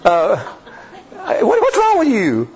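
A man voicing a startled elderly wife who scolds her husband in a high, shrill voice. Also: wildly swooping pitch, slow, a little mellow, highs cut off, heavily acted. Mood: indignant.

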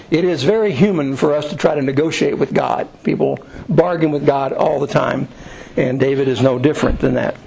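A man's voice: fairly high pitch, fairly quick, creaky, a little mellow, slight background noise, poor audio. A man leading an informal Bible study, reading verses aloud and then explaining them in plain conversational words. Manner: reads scripture aloud then paraphrases it conversationally. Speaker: Bible teacher.

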